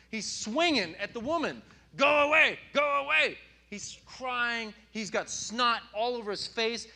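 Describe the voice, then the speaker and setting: A man in his thirties preaching a sermon, animated and telling stories with sudden loud outbursts. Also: high voice. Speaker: pastor.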